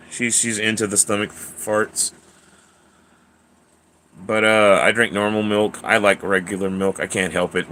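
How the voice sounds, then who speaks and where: A man's voice: lowish voice, sharp tone, slight background noise. A man in his thirties hosting a casual livestream, rambling and chatty as he answers viewers by name. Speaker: livestream host.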